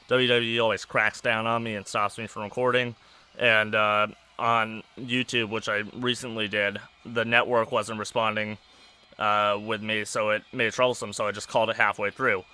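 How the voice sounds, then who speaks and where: A young man hosting a podcast, rambling casually in a monotone with many fillers while sounding stressed. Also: on the low side, clear, resonant tone. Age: young adult. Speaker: podcast host. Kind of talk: casual personal rambling over a wrestling match.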